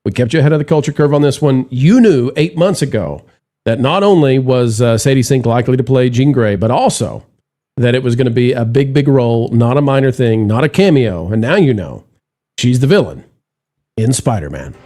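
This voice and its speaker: A man's voice: mid-range voice, expressive, fairly quick, warm tone. A man hosting a casual panel chat about movie news, talking in a chatty way with frequent restarts. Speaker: panel show host.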